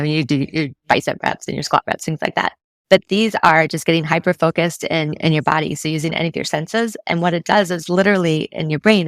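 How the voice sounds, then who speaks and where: A woman's voice: low voice, no room sound. A woman guesting as a mental fitness coach, explaining things step by step in an easygoing way and often checking in with "right?". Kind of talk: casual interview explanation.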